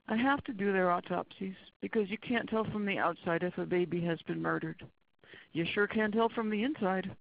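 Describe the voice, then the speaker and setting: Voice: medium pitch, gravelly, no echo. A forensic pathologist giving a webinar lecture in an earnest, blunt and emphatic way. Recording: dull lo-fi webinar audio.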